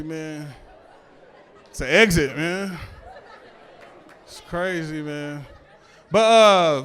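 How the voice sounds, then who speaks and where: A man's voice: high-pitched, a bit bright, clean tone. A man doing stand-up on a club stage, loose and conversational, who also freestyles raps. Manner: loose, conversational, lots of "you know what I'm saying". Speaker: stand-up comedian. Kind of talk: stand-up set with freestyle rap. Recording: hall reverb with music.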